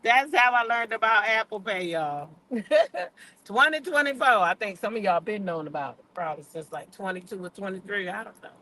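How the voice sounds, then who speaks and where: Speaking at normal speed in a mid-range, bright and forceful voice, this older gossip show host is expressive and blunt. She curses liberally, repeats herself for emphasis and addresses her livestream chat directly.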